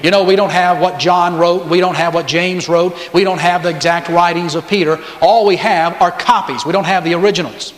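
A man's voice: high voice, steady tone, fairly quick, few pauses, reverberant, big-room sound. A man preaching a sermon who tells the story with feeling and briefly acts out the people he quotes. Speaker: pastor.

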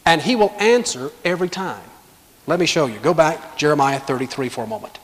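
A man preaching a sermon as pastor, emphatic and animated, acting out imagined objections from his listeners and God's replies to them. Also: on the high side, fairly quick, long reverb tail, poor audio.

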